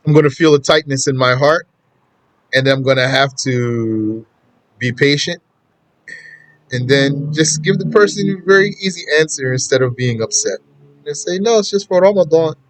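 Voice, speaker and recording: A man who is an Islamic teacher gives a casual religious lesson, speaking conversationally and repeating his points for emphasis. His voice is medium-pitched at a moderate pace, with no echo.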